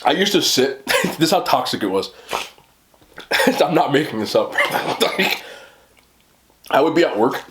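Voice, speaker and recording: Animated mukbang man, voice swooping up and down. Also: mid-range voice, unhurried, long pauses, background noise. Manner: animated, loud bursts of exclaiming. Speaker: mukbang host. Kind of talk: casual chat while eating on camera.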